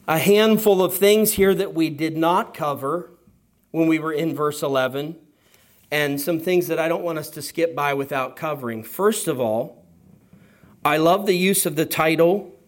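A man preaching a sermon to his church, slow and emphatic, with deliberate pauses between phrases. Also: fairly high pitch. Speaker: pastor.

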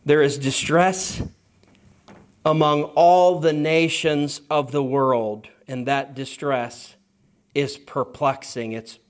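Slow, emphatic male preacher. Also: a little high, fairly even intonation. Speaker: pastor. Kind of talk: sermon.

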